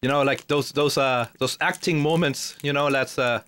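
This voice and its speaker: A man's voice: medium pitch, fairly even intonation, moderate pace, fairly bright tone, clean tone. A man streaming a game and chatting with his viewers in a hyper, swearing, mock-ranting way, laughing often. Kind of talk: casual live-stream chat.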